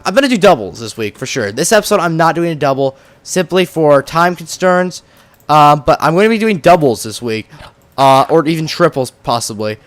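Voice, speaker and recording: Excitable young man rambling over gameplay. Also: on the high side, no room sound. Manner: excitable, rambling, jokey and self-mocking. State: slightly congested from a cold. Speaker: Minecraft let's-play host. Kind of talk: casual gameplay commentary.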